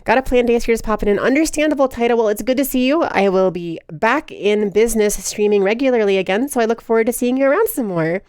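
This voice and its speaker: A woman's voice: on the high side, fast, hardly any pauses, a little mellow, clear, resonant tone, no echo, clean studio sound. A woman live streaming who chats casually and reads chat aloud, giggly and playful with frequent laughter.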